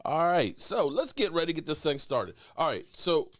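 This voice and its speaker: A man hosting a loose sports talk stream, talking in a fairly high voice that swings widely in pitch. He rambles and trips over his words. His close mic sounds dry, with no room echo. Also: moderate pace. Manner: animated, rambling, stammers and restarts; greets chat viewers by name. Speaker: sports talk show host. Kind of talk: casual live-stream chat.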